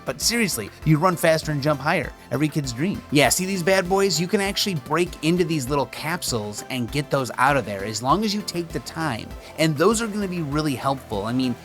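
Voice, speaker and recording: A man's voice: mid-range voice, a bit bright. Laid-back man narrating gameplay. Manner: laid-back and joking, with casual slang. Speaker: gaming channel host. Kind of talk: casual gameplay commentary voice-over.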